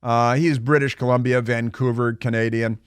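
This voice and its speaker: A man's voice: medium pitch, steady tone, moderate pace, smooth, no room sound. A man hosting a talk radio show, delivering a combative, sarcastic monologue full of mocking rhetorical questions from a radio studio. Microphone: studio microphone.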